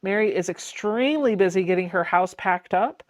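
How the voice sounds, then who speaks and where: A woman's voice: mid-range voice, lively intonation, normal speed, dry recording, studio quality. A woman hosting a quilting livestream, chatting casually as she reads viewer comments aloud and answers them, laughing often. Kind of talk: casual livestream chat while sewing.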